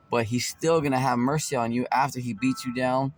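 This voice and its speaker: A man's voice: mid-range voice, fairly even intonation, a little fast, soft background music. Slangy, conversational male preacher. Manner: conversational, slangy, repetitive, full of fillers. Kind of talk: casual street sermon.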